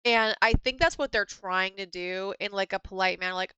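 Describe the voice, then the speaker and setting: A woman chatting casually on a live stream as a craft vendor, blunt and quick to laugh, swearing casually. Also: mid-range voice, bright, forceful tone, clear, resonant tone, dry recording, dull audio.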